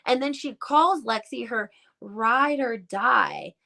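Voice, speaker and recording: Woman host, live-stream gossip commentary, fired-up and emphatic, a bit high with vocal fry. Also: expressive, slow, sharp tone. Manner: emphatic, gossipy, rhetorical questions.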